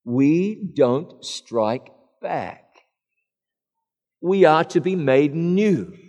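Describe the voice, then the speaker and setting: A man's voice: on the high side, lively intonation, very slow, a little mellow. A middle-aged man preaching a sermon in an earnest, rhetorical style, addressing the congregation directly. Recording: long echo of a large hall.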